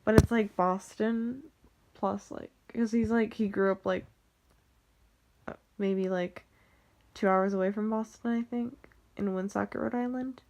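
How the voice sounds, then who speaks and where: A woman's voice: mid-range voice, fairly even intonation, a little slow, creaky, pauses often, a little mellow, slight background noise. A young woman with a Western American accent, chatting casually and rambling about her family, saying "like" constantly. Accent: General American, Western US. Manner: rambling, heavy use of "like", frequent restarts. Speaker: vlogger.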